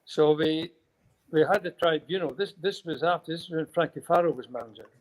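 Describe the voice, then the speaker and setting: A man's voice: fairly high pitch, fairly quick, rough recording. An older man with a Scottish accent, a former footballer telling rambling anecdotes as a guest, breaking into chuckles now and then. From Scotland. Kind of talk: casual storytelling.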